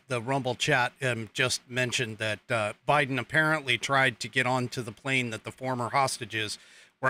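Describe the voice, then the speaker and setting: A man's voice: medium pitch, sharp tone. A man hosting his political livestream show, chatting casually with his viewers in a rambling way, with lots of fillers and chuckles.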